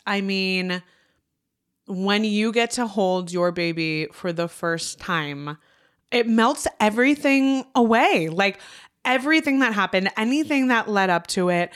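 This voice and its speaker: A woman's voice: medium pitch, a bit bright. A woman co-hosting a casual podcast, earnest and heartfelt, swearing freely. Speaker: podcast co-host.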